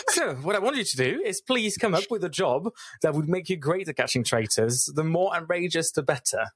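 A male podcast co-host in casual chat, joking as he steers the talk. His voice sits a little high and sounds bright and forceful. The recording is close and dry. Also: sing-song, fairly quick, hardly any pauses, breathy edge, no room sound. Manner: joking, chatty, runs segments.

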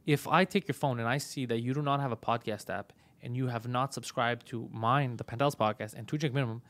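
A male comedian hosting a casual live stream, loud and profane, mock-bullying his co-host. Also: mid-range voice, steady tone, fairly quick.

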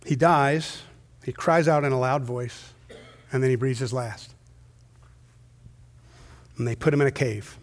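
A male pastor preaching a sermon, swinging from hushed, slow storytelling to loud, intense emphasis. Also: mid-range voice, steady tone. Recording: long hall reverb.

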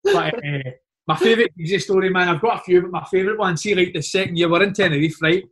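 This fast-talking Scotsman, fairly high in pitch, shares dressing-room tales in a relaxed, animated chat. Like a former footballer catching up with a friend, he peppers nearly every line with "mate" and "like."

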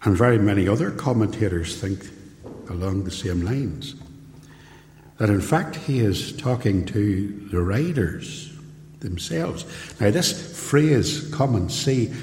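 A man preaching a sermon in an earnest, emphatic way, rising higher on his key points. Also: expressive, slow pace, darkish tone, slight background noise. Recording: echoey hall with long reverb.

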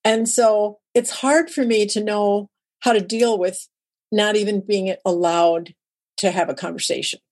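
A woman's voice: mid-range voice, a little slow. A woman who writes and gives talks, a guest in an interview, telling stories and acting out the dialogue in them. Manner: lively storyteller who acts out quoted dialogue. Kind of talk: conversational interview storytelling.

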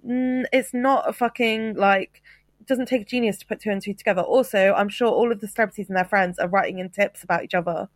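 A woman's voice: mid-range voice, fairly even intonation, fast talker, no room sound. A woman co-hosting a podcast in casual chat, pressing her argument firmly. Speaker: podcast co-host.

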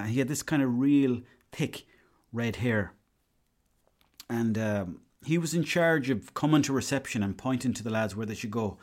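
Man, irish accent, young adult, podcast host, casual rambling story, swears a lot, middle pitch. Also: darkish tone. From Ireland. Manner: rambling and profane, with quick quoted asides.

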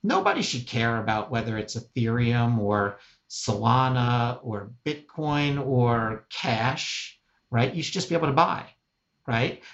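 A man's voice: mid-range voice, a little slow. Emphatic middle-aged man, muffled audio. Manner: emphatic, animated, keeps asking "right?". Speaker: media executive guest. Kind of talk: casual interview talk.

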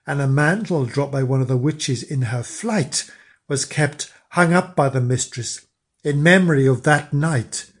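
Slow, husky fairy-tale storyteller. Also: male voice, medium pitch. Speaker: storyteller host. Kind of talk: scripted fairy tale narration.

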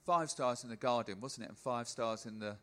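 A man's voice: medium pitch, brisk, fairly bright tone. Casting note: man podcast host, playful, curious questioner. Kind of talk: casual interview chat.

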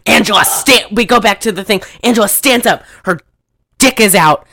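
A woman hosting a casual chat, rambling through a movie recap, often laughing and clearing her throat. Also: mid-range voice, brisk, sharp tone, no room sound, clean studio sound. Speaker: podcast host.

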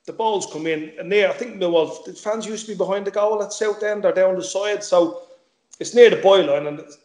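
Fast-talking man, echoey room. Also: high voice, darkish tone. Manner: chatty, repeats words, swears casually. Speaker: former footballer, guest. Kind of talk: casual interview chat.

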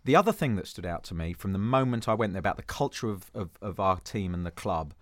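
Low-voiced former footballer from Jersey. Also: male voice, lively intonation, fast talker, fairly bright tone, no echo. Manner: thoughtful, many restarts, self-deprecating humour. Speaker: interview guest, former footballer. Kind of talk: reflective conversational interview.

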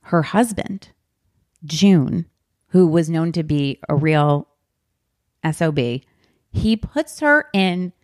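A woman's voice: low voice, lively intonation, no echo, studio quality. A woman hosting a casual podcast book discussion, chatty and emphatic. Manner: chatty, emphatic, fast bursts with stretched words. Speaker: podcast host.

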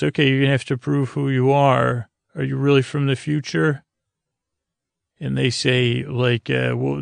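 A man hosting a podcast, casually recapping a TV episode in a rambling, low-key way full of "uh" and "he goes". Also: gravelly, dry recording, studio quality.

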